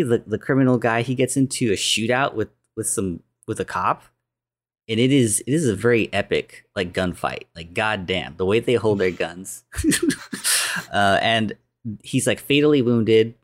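A man casually retelling a film plot, rambling with many restarts and fillers, acting out the characters' lines. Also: on the low side. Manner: rambling, lots of "like" and restarts, acts out quotes.

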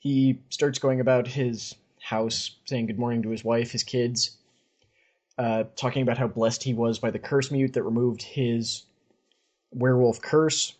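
A man with a husky voice and a middle pitch chats through a recap of fantasy fiction. He mixes casual commentary with passages read straight from the text. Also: fairly even intonation, measured pace, darkish tone. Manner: chatty retelling, reads passages aloud. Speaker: podcast host.

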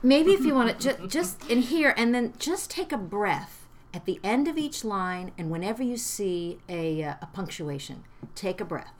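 A woman's voice: medium pitch, expressive, normal speed. A middle-aged woman, a stage actress, chatting casually on a podcast and acting out lines as she explains. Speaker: Shakespearean actress and guest.

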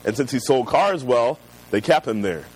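A man preaching a sermon, reading scripture slowly and then telling personal stories in a relaxed, conversational way. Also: medium pitch, husky, low-quality recording. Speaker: pastor.

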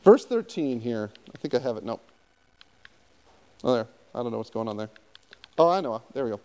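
A man pastor preaching a conversational sermon, often turning to his listeners with quick questions. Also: medium pitch, clear, resonant tone, big-room sound. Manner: conversational, animated, asks the audience often.

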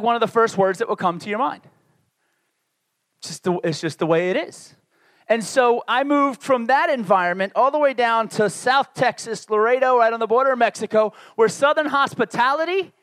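High-voiced candid male preacher. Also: a bit bright, no room sound, clean studio sound. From Northeastern United States. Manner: candid, conversational preaching with self-deprecating asides. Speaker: pastor. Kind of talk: sermon.

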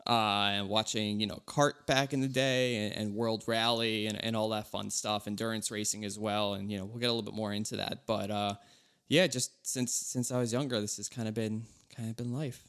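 A man in his thirties co-hosting a casual car podcast, telling stories in a relaxed, rambling way. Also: on the low side, fairly quick, clean tone. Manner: relaxed, rambling, animated storytelling. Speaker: podcast co-host.

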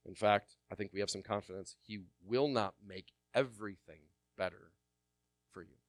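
A male pastor preaching a sermon, repeating key phrases with force and then dropping to quiet, close asides. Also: fairly low pitch, normal speed, dry recording. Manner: swings from loud emphatic repetition to quiet intimate asides.

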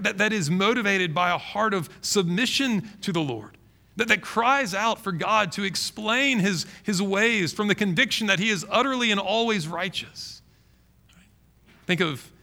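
A man preaching a sermon as pastor, emphatic and animated, often restarting his phrases. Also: high voice.

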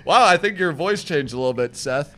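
A man co-hosting a podcast, joking and swearing in animated casual chat. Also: on the high side, fairly quick. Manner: animated, jokey, swears a lot. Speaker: podcast co-host.

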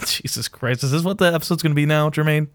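A man's voice: fairly high pitch, quick pace, no echo, clean studio sound. A man hosting a podcast in casual chat, loose and profane, with lots of filler uhs. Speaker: podcast host.

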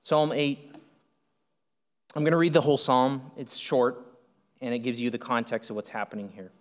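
A man preaching a sermon as pastor, animated, acting out the people in the passage he explains. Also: medium pitch, moderate pace. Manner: animated, acts out the speakers in the passage. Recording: long hall reverb.

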